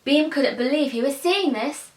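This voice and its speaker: A woman's voice: high voice, normal speed. A woman telling a children's story expressively, asking her listeners questions, in an echoey room.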